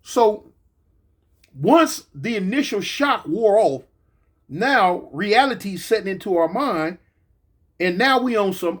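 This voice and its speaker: Animated high-voiced man telling stories. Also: slow pace, long pauses. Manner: animated, acts out the voices of others in the story, many fillers and repeats. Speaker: former gang member telling prison stories. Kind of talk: casual storytelling.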